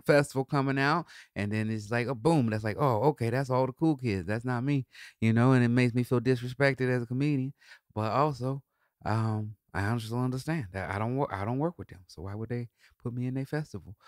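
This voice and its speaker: Smooth-voiced man rambling casually on a podcast. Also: a little fast, dry recording, studio quality. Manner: laid-back, rambling, swears freely; bursts into high laughs. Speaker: podcast host. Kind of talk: casual solo monologue.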